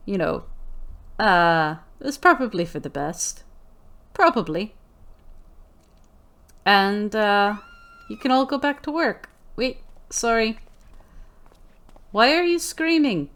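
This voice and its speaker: A woman doing let's play commentary in character, playful and theatrical, often repeating her own lines. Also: mid-range voice.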